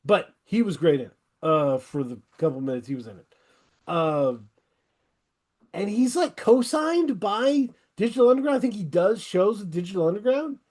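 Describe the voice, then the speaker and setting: Middle-aged man, podcast host, higher voice, eager casual chatter. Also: animated, moderate pace, darkish tone. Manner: enthusiastic, rambling recommendations. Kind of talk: casual interview chat.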